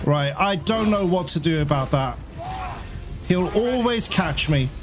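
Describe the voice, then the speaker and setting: A man talks over his gameplay in a fairly high voice. He grumbles and swears loudly at a boss, with game music playing under him. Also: animated, measured pace. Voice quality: frustrated, swearing outbursts. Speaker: let's play gamer. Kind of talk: live gameplay commentary.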